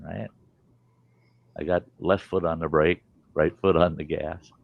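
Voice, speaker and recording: A man hosting a storytelling show, telling a rambling, folksy, animated tale and swearing casually as he goes. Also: low voice, gravelly, dry recording, muffled recording. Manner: animated, folksy, swears casually, chuckles through his tales. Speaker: podcast host.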